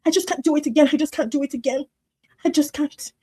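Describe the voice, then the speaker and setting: A woman's voice: sits high, fast, warm tone, no room sound, pitched above the performer's own voice, close to an everyday voice. A woman mimicking a dramatic young woman on a reality show, who talks in emphatic, repeated declarations. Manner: overwrought, emphatic, repeating herself.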